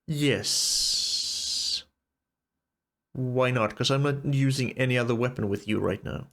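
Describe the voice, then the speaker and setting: A man's voice: mid-range voice, slow pace, fairly bright tone. A man giving casual let's play commentary, chatty and thinking aloud while he plays. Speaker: gamer.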